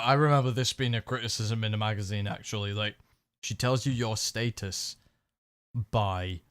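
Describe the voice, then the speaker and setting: A man hosting a casual discussion, animated and mocking, swearing freely. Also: on the low side, no echo. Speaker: host of the discussion. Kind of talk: casual chat.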